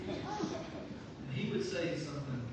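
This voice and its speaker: Male pastor, high voice, lively storytelling sermon; distant mic in a reverberant church hall with background noise. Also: takes it slowly. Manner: lively storytelling with repeated phrases. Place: church sanctuary. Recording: echoey hall from far off, noisy.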